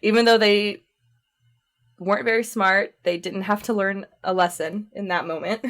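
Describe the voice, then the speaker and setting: Woman, podcast co-host, smooth clear voice, chatty animated recap. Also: medium pitch, normal speed. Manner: chatty, animated storytelling with frequent fillers and laughs. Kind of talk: casual chat recapping a movie.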